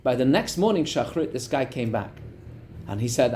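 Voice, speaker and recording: Animated rabbi telling a story. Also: male voice, medium pitch, moderate pace, slight background noise. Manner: animated storyteller, talks to the audience. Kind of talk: storytelling lesson.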